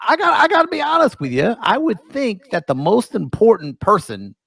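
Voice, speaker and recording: Male co-host, gravelly voice, pitch jumps all over, wry grumbler, dry close mic. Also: wildly swooping pitch, fairly quick, a bit bright, no echo. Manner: wry, mock-grumbling complaints. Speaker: comedy radio co-host. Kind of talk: comedic banter.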